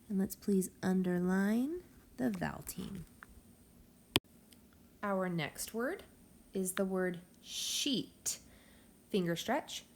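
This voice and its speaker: A woman teacher giving a phonics lesson to young children, slowly stretching out each sound. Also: on the low side, lively intonation, vocal fry, a little mellow, a little hiss or hum. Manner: slow, careful, stretching out sounds.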